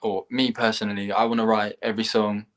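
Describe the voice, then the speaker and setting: Relaxed young man, singer guest. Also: lowish voice, quick pace. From England. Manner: relaxed, easygoing, hesitant with ums. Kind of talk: casual interview chat.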